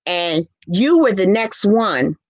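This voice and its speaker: A woman's voice: mid-range voice, animated, takes it slowly, no echo, dull audio. A middle-aged woman hosting a casual live-stream chat, talking earnestly and with feeling, reading viewer comments aloud. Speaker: live show host.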